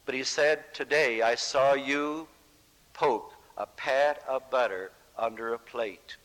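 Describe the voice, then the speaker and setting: A man preaching a sermon with impassioned, dramatic swings in pitch and loudness, acting out scripture voices. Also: slow pace. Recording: long hall reverb.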